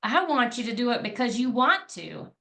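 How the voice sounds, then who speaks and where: A woman's voice: a little high, sing-song, moderate pace, vocal fry, pushed and bright. A woman hosting a podcast, talking earnestly and chattily with lots of "like" and "you know.". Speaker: podcast host. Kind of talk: casual conversation.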